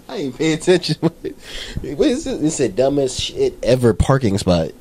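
A man co-hosting a casual reaction chat, laughing often and retelling stories in animated quoted voices. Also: medium pitch, measured pace, slight background noise. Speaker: co-host.

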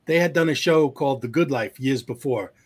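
A man's voice: medium pitch, a little fast, husky. A man co-hosting a comedy podcast, telling anecdotes in casual chat and swearing now and then. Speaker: podcast co-host.

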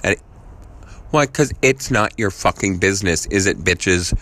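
A man leaving a voice message, ranting angrily, swearing constantly and jumping from idea to idea, his voice repeatedly jumping higher and louder. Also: a little slow. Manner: angry, swearing constantly, jumping between ideas; voice repeatedly jumps higher and louder mid-rant. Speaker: voice message sender. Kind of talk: profane rambling rant.

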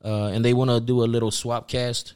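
A man hosting a podcast, giving shout-outs in a laid-back way with lots of fillers and casual swearing. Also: medium pitch, level tone, a little fast, clean tone. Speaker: podcast host. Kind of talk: casual chat.

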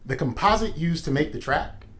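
A man co-hosting a casual chat, telling stories in an animated, joking way. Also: a little high, normal speed.

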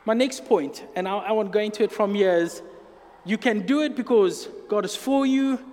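A man's voice: sits high, moderate pace, darkish tone. A man preaching a sermon as pastor, earnest and emphatic, drawing out key phrases. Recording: long hall reverb.

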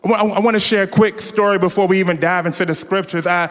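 A fairly high-voiced male preacher delivers an animated story-driven sermon, calling out to the congregation and stumbling over his words as he restarts. His voice carries a long hall reverb, as in a church hall. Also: fast talker. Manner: frequent stammering restarts.

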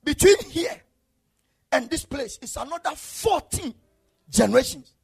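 A male preacher delivering an impassioned sermon, swinging between shouted declarations and low murmurs. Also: lively intonation, unhurried, vocal fry.

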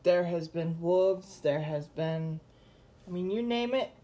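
Slow, hesitant female podcast co-host. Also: on the low side, dark tone. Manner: slow, hesitant, many ums. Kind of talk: casual chat.

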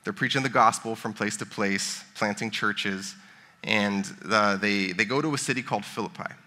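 A man's voice: fairly low pitch, normal speed, bright, forceful tone. A man in his thirties giving a casual sermon, chatting and joking with the congregation. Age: 30s. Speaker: pastor.

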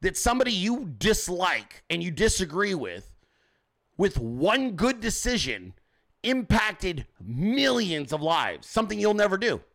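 A man's voice: high-pitched, big pitch swings, measured pace, fairly bright tone. A man hosting a livestream, ranting profanely and combatively at commenters in his chat. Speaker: show host.

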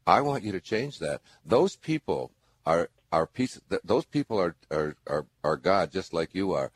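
A husky older man hosts a call-in show. His low voice leaps around with lively rises and dips. He rambles earnestly and restarts his thoughts often as he gives spiritual advice. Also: moderate pace, dry recording. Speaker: radio show host.

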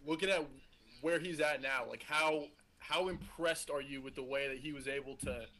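A man's voice: on the high side, fairly even intonation, normal speed, sharp tone. A man asking a guest long, searching interview questions with some fillers.

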